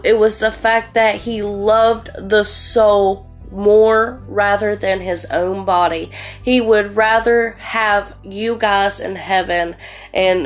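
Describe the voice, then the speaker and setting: A woman giving a devotional sermon, halting and searching for words, earnest in tone. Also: medium pitch. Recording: faint music underneath.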